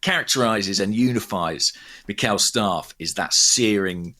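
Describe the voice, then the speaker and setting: A man's voice: fairly low pitch, unhurried, sharp tone. A man in his thirties, from England, co-hosting a casual chat with emphatic, thinking-aloud talk. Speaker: podcast co-host.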